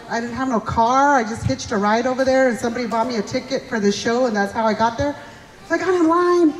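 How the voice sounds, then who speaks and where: A middle-aged woman comedian telling chatty, self-mocking stories on stage and acting out the voices of the people in them. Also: sits high. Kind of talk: live stand-up comedy. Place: stage at a community fundraiser show. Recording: live hall reverb.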